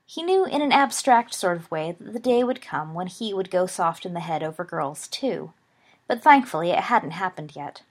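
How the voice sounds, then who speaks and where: A woman narrating a story aloud with an even, steady reading. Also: on the low side, normal speed. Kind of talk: audiobook narration of fan fiction.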